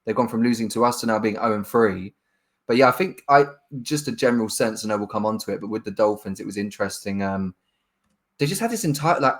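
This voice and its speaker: Relaxed Londoner talking sport. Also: male voice, lowish voice, fast talker. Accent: London English. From England. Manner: relaxed, rambling with self-corrections. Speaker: podcast co-host. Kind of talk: casual sports chat.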